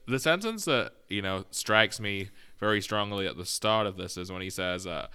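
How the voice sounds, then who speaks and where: A man with a very deep yet bright, resonant voice, steering a faith chat. He poses questions and invites the others to answer. Clear and attentive. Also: expressive, moderate pace. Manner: inquisitive, drawing others out with questions. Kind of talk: casual faith discussion.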